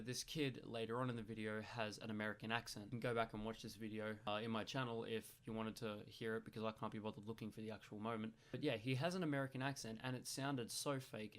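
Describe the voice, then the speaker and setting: A man's voice: fairly low pitch, fairly bright tone. Rambling young Australian man explaining. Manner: rambling, explanatory, frequent ums and restarts. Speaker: gaming YouTuber. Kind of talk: casual commentary over gameplay footage.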